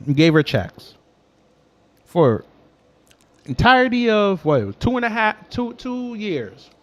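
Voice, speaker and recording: A man's voice: sits high, slow pace, dull audio. A young man from New York, telling a story in a casual, slangy way and answering his chat as he goes. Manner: animated, slangy, talks back to chat. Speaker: host.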